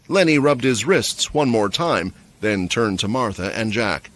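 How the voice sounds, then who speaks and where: Story narrator, male, lively pitch, faint hiss behind. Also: unhurried, few pauses.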